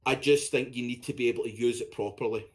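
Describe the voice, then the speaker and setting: A man's voice: medium pitch, fairly even intonation, quick pace, darkish tone. A man co-hosting a podcast in casual, blunt, sweary chat. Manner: blunt, sweary, talks in short bursts. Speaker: podcast co-host.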